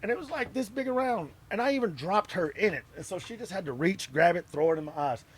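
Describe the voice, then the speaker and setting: Laughing storyteller, higher-voiced man. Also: lively intonation, fast, slightly rough. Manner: laughs through his stories, acts out other people's lines. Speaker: interview guest, wrestler and actor. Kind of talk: casual anecdotal storytelling. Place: outdoor music festival grounds.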